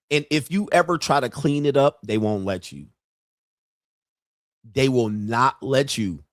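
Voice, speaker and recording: A man's voice: mid-range voice, lively intonation, measured pace, a bit bright, no echo, studio quality. Profane joking male stream host. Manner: profane, joking, acts out quoted voices. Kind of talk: casual live-stream rant. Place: home studio.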